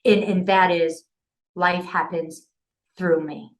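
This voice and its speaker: A woman's voice: lowish voice, fairly even intonation, slow. A middle-aged woman telling a personal story in a casual interview, earnest and emotional, often restarting her sentences. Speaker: podcast guest.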